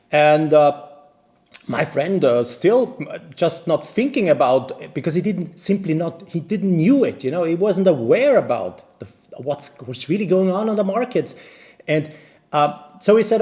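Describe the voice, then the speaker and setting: A man, a watch channel host, telling a story in casual English, animated and indignant, with many restarts. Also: a little high, normal speed. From based in Vienna. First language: not English; speaks non-native English.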